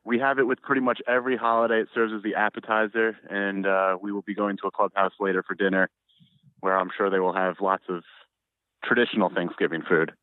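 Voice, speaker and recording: Friendly caller on a tinny phone line. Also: male voice, on the low side, level tone, a little fast, no echo. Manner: friendly, chatty, wry. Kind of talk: call-in chat. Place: outdoors at a retirement community.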